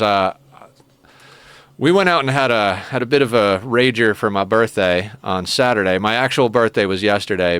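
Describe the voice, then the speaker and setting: A man's voice: fairly low pitch, fairly bright tone, smooth, no echo. A man streaming a game, chatting casually and joking with his viewers. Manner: chatty, joking, talks to chat and his cat. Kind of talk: casual live-stream chat while playing.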